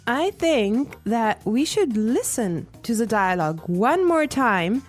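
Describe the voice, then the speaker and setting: A woman co-hosting an English lesson podcast, explaining clearly. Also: on the high side, very animated, faint music behind. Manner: slow, clear teaching delivery. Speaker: podcast co-host.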